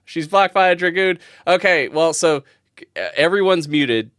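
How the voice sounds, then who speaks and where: A man's voice: a little high, expressive, normal speed, fairly bright tone, clean tone, no room sound, clean studio sound. A man hosting as game master, flustered and self-deprecating, muttering to himself while fixing his stream setup. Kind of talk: casual stream setup chat.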